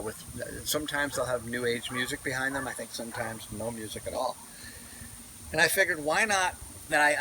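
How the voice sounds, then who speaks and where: Bright-voiced rambling man vlogging. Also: mid-range voice, slight background noise, poor audio. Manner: digressive, many fillers and restarts. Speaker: vlogger and audiobook narrator. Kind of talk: casual rambling vlog talk. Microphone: camera mic, no wireless mic.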